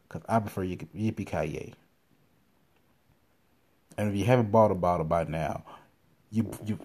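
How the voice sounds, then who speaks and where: A man's voice: fairly low pitch, a little mellow, slightly rough. A young man hosting a podcast from his car, telling crude, profane stories in a loose, rambling way. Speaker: podcast host. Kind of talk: casual profane storytelling.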